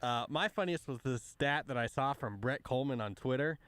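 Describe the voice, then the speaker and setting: A man's voice: medium pitch, fairly quick, fairly bright tone, smooth. A man working as producer on a sports talk radio show, sharing a stat in an easygoing way.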